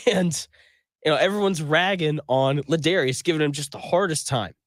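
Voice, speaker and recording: Man, sports talk radio host, slightly high voice, dry close studio mic, emphatic storyteller, opinionated. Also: normal speed, no room sound.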